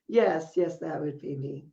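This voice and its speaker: A woman's voice: lowish voice, a little mellow, highs cut off. A woman co-hosting a podcast, telling stories in casual chat and laughing often as she talks. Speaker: podcast co-host.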